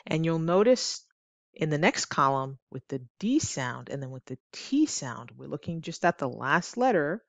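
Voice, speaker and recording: A woman teaching English pronunciation in a clear, deliberate way, slowing down to stretch out example words. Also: low voice, very animated, no echo. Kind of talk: pronunciation lesson.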